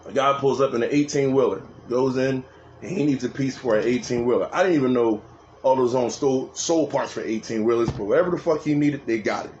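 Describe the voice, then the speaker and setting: A man's voice: mid-range voice, a little fast, darkish tone. A man co-hosting a podcast, telling a profane story in casual chat and acting out other people's lines. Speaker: podcast co-host. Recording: roomy, dull lo-fi sound with faint hiss.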